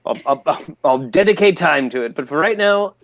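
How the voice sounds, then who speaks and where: Excitable man player, animated and bright. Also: fairly high pitch, a little fast. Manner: excitable, blunt, swears. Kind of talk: casual tabletop play.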